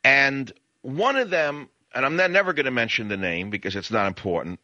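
A man's voice: medium pitch, expressive, fairly quick, sharp tone, dry recording. Sneering talk radio guy ranting, pushy hard voice, kinda muffled dry studio sound. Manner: combative, sneering, insulting.

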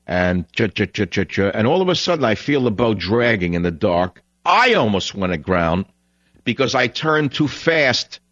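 A man hosting a talk radio show, telling a long rambling anecdote with lively put-on quotes. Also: medium pitch, dry recording, lo-fi sound. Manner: rambling, animated anecdote teller. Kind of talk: talk radio monologue and storytelling. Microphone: close studio mic.

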